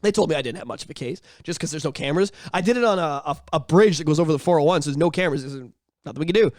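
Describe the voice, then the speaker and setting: Podcast co-host: man, thirties, rapid high delivery, crude storyteller, dry close sound. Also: no room sound. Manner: animated, profane, breaks into shouted bits.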